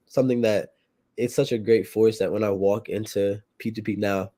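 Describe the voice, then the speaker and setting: A man's voice: lowish voice, steady tone, brisk, warm tone. A young man, a youth program participant, giving a heartfelt, slangy testimony and repeating himself as he talks. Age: young adult. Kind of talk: casual emotional testimony.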